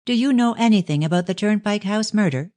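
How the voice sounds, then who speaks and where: A woman's voice: mid-range voice, animated, a little fast, mellow, pitched above the performer's own voice, close to an everyday voice. A woman playing an anxious young woman. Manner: urgent, pleading questions.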